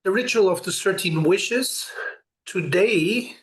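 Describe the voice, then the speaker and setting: A man's voice: high voice, slow. A man hosting a live ritual session, giving an earnest spiritual teaching, explaining things and greeting viewers by name. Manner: earnest and explanatory, with brief laughs.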